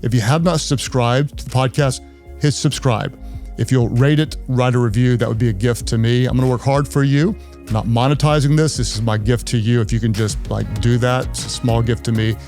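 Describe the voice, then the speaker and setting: A man's voice: medium pitch, fairly even intonation, a little fast, a little mellow, soft background music. A man who is a pastor, hosting a leadership podcast in an earnest way and repeating key phrases for emphasis.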